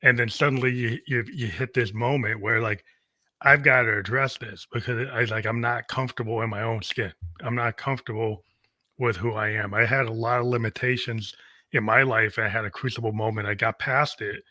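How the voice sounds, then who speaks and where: Man, podcast host, casual rambling chat, crisp bright voice, dry sound. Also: mid-range voice, steady tone, a little fast, no room sound. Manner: rambling, many fillers and restarts.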